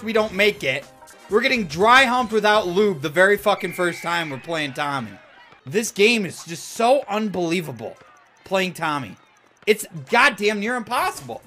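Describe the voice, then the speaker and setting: A man's voice: high-pitched, bright, forceful tone. A man gamer commenting on a sports match, frustrated, sarcastic and swearing.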